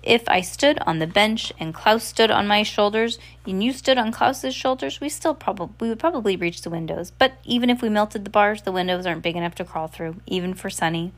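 A woman's voice: mid-range voice, a little fast, few pauses, natural voice. Worried, determined teen girl from a storybook, read by a woman.

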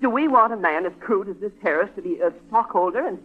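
Brief: high, fussy stockholder, old radio comedy, tinny. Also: male voice, animated, quick pace. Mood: prim. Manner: fussy, prissy, disapproving. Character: stuffy, prim company stockholder. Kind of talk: 1940s radio sitcom acting.

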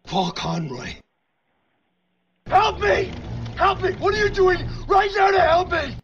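A man's voice: a little high, brisk, pushed and bright, lo-fi sound, a little hiss or hum. An actor playing a panicked, breathless man trapped in a buried coffin, begging for help and cursing. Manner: desperate, pleading, screaming and cursing. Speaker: prank soundboard clip.

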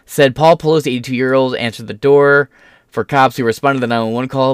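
A man's voice: mid-range voice, no echo, studio quality. A man giving casual, profane political commentary, sarcastic and mocking, often slipping into put-on voices to mimic others.

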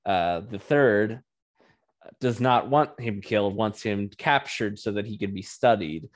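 A man's voice: lowish voice, unhurried. A man co-hosting a podcast, chatting casually and wryly with plenty of "uh"s. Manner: wry, joking, with frequent filler "uh". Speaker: podcast co-host. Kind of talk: casual podcast review chat.

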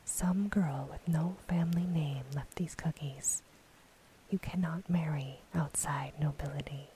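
A woman's voice: deep voice, steady tone, a little slow, dark tone, slight background noise, low-quality recording. A woman whispering the lines of a stern, scolding royal mother in a whispered role-play storybook reading.

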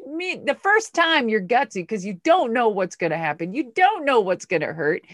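A middle-aged woman telling a story as an interview guest, animated, swearing and making vocal sound effects. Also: a little high, moderate pace, no room sound. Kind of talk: casual storytelling.

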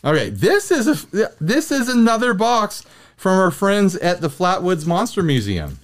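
Podcast co-host, male, animated and joking, voice swings high and low. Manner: animated, joking, quick asides. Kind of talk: casual chat.

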